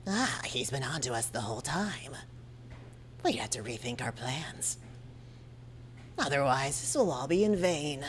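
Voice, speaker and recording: A woman's voice: rumbling low, expressive, measured pace, long pauses, a little hiss or hum. A woman voicing a scheming male anime villain with a sibilant, somewhat nasal voice.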